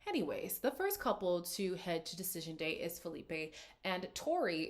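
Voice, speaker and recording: A woman hosting a casual reality TV reaction video, talking in an animated, sarcastic, exasperated way on a close mic. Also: lowish voice, normal speed, hardly any pauses.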